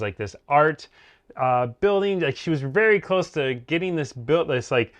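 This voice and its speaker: A man in mid pitch, neither high nor low, co-hosting a casual TV review chat. He rambles along, piling up fillers and starting sentences over as he thinks aloud. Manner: rambling, heavy on fillers and restarts. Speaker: co-host of a TV review show.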